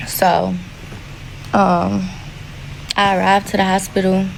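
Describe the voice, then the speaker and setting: A woman's voice: medium pitch, little pitch movement, takes it slowly, gravelly, slight background noise, low-quality recording. A young woman telling her own story in a blunt, matter-of-fact way. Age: young adult. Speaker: storyteller in a played clip. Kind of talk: casual storytime.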